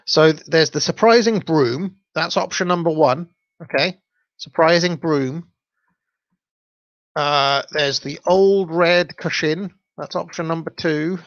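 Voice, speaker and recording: A man hosts a livestream, reading stories aloud and breaking off to chat in a hesitant, easygoing way. His voice has a gravelly edge. The audio is dull and dry. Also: on the high side, slow, a bit bright, no echo. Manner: chatty, hesitant, with fillers and laughs. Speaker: channel host. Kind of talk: livestream story reading with commentary.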